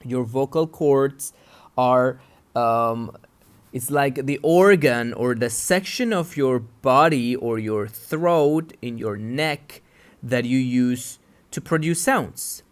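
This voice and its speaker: Guy teaching english pronunciation, talks real slow, keeps asking "yeah?" to check ppl follow. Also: mid-range voice, clean tone. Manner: patient, checks understanding with "yeah?". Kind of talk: explaining a pronunciation lesson.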